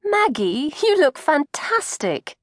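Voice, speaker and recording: A woman voicing a cheerful, reassuring young female friend in a bright, raised voice. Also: high-pitched, sing-song, slow pace, no room sound, clean studio sound, voice pushed up, full character voice.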